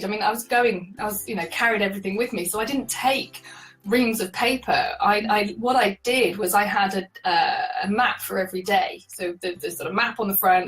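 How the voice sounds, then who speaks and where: A chatty, animated woman telling stories as an interview guest, laughing often. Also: medium pitch, recorded from a distance, poor audio. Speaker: guest, solo cyclist. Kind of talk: conversational interview storytelling.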